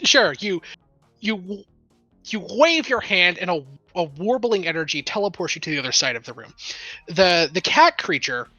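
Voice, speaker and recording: Woman running a tabletop game; bright, lively voice, giggly narrator, close and dry sound. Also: fairly low pitch, normal speed, dry recording, lo-fi sound, faint music behind. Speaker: game master.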